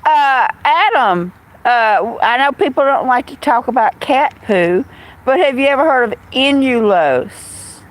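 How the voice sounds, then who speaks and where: Reading chat on her casual live stream, a woman rambles and speaks bluntly in reply to comments. The voice sits high, animated yet unhurried, and the recording quality is low.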